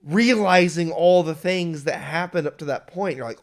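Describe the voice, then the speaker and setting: Excitable young man reviewing a film. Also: a little high, moderate pace, few pauses. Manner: excitable, acts out imagined dialogue, many restarts. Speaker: podcast co-host. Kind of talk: casual film review chat.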